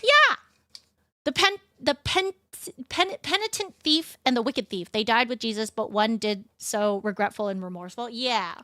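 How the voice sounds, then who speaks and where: Bright-voiced ranting young woman streamer. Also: a little high, moderate pace, no echo, clean studio sound. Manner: profane, ranting, animated storytelling. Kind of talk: casual chat stream. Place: home streaming setup.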